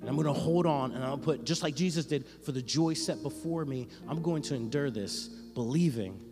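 A man's voice: a little high, brisk. Impassioned man preaching in an echoey hall. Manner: impassioned preaching with repeated phrases. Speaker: pastor. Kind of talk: sermon. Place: church sanctuary. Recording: echoey church hall with music behind.

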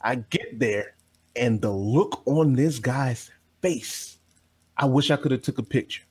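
A man from New Jersey co-hosting a podcast, telling stories animatedly, laughing loudly and swearing freely. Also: mid-range voice, measured pace, slightly rough. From New Jersey, USA. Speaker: podcast co-host. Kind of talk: casual podcast banter, storytelling.

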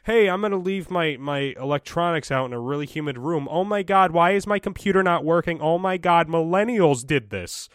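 A man's voice: a little high, a little fast, hardly any pauses, a bit bright, clean tone, no echo, studio quality, pitched above the performer's own voice, close to an everyday voice. A man putting on a panicky, clueless older man who is helpless with technology, squealing in exaggerated mockery.

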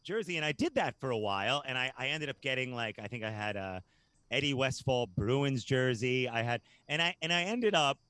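A man from Virginia chats as a podcast guest in an even, mid-pitched voice. He rambles excitedly, laughs often and restarts his sentences as he goes. The tone stays loose and unscripted throughout. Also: a little fast, smooth, no room sound. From Hampton Roads, Virginia. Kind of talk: casual podcast chat.

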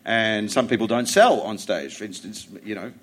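A middle-aged Australian man, a comedian guest in a casual podcast chat, telling stories in a blunt, profane, animated way. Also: lowish voice, normal speed, husky.

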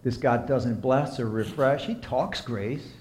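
A man preaching a sermon and counseling as he talks, impassioned, swinging from soft to emphatic. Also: medium pitch, measured pace, slight background noise. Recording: echoey room.

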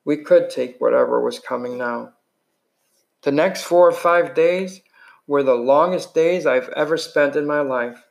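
A man's voice: on the high side, a little slow, gravelly. Man reading a novel aloud, with slips. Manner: unpolished reading with slips and restarts. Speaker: reader.

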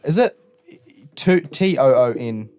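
A man's voice: medium pitch, lively intonation, slow, a little mellow, clean tone, dry recording, clean studio sound. A young man co-hosting a podcast, grumbling and joking in casual banter. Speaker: podcast co-host. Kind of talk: casual chat.

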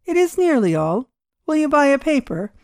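A woman reading aloud voices a mysterious old man with a white beard, speaking quietly, unhurried and cryptic. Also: high voice, big pitch swings, no room sound, studio quality, voice pushed up. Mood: calm cryptic.

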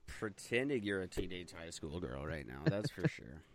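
Animated, swearing man co-hosting. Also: deep voice, normal speed. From Canada. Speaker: podcast co-host. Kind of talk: crude casual banter.

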